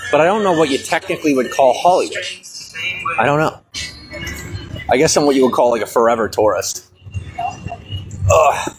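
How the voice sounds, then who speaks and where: A man's voice: mid-range voice, animated, moderate pace, pauses often, music in the background, low-quality recording. A man chatting casually and bluntly while walking down a city street filming a vlog, swearing freely. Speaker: vlogger.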